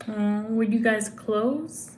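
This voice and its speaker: A woman, chatting slowly and sympathetically with viewers on a live stream recorded on her phone. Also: on the high side, a little hiss or hum. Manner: slow, relaxed, sympathetic, greets viewers by name. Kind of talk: casual live-stream chat reading comments.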